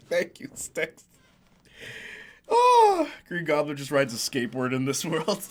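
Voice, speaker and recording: Man, casual co-host, laughs a lot, slow unhurried delivery, bouncy pitch. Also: huge pitch swings. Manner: laughs often, eggs the storyteller on. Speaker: co-host reading live chat. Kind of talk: casual chat.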